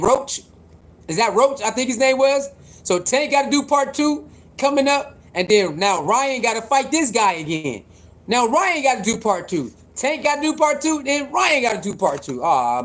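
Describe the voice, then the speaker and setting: Chatty high-voiced man streaming live. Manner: chatty, repetitive, reacting to boxing news with slang. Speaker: livestream host. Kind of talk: casual livestream chat.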